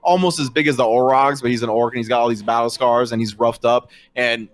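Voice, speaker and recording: A man's voice: mid-range voice, steady tone, brisk. A man narrating a tabletop game as game master, rambling with lots of fillers.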